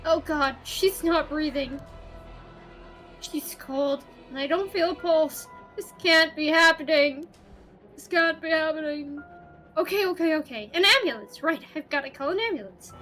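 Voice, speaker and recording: A woman reading aloud the lines of a shaken young man who is trying to stay calm, voicing him in earnest. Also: high voice, a little slow, soft background music. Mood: panicked. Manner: reads game text aloud, earnest and stunned.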